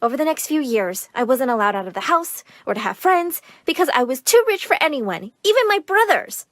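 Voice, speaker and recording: Expressive young woman narrating a story. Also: sits high, a little fast, no echo. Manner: expressive, dramatic. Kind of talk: scripted narration.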